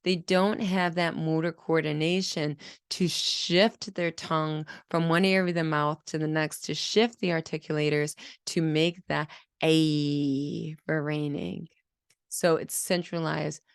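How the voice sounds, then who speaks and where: A woman speech-language pathologist explaining children's speech patterns in a clear, teaching manner and acting out sounds as examples. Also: low-pitched, steady tone, a little slow, dry recording, clean studio sound. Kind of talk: teaching video lesson.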